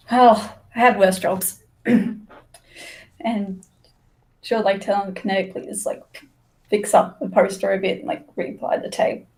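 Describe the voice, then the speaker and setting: A woman's voice: medium pitch, fairly even intonation, measured pace, long pauses, darkish tone, rough recording. A woman playing a tabletop role-playing game, talking casually and filling her speech with "like". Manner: casual, full of "like" fillers. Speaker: player.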